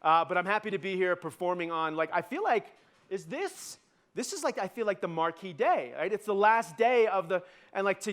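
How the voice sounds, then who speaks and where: A man runs a live cooking demonstration, his speaking voice sitting somewhat high for a man. He rambles in a loose, self-mocking way, filling gaps with "like" and "right?" as he checks in with the crowd. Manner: joking, self-deprecating, filler-heavy with "like" and "right?". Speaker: celebrity chef giving a cooking demo. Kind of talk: live cooking demo with stand-up banter. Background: live audience.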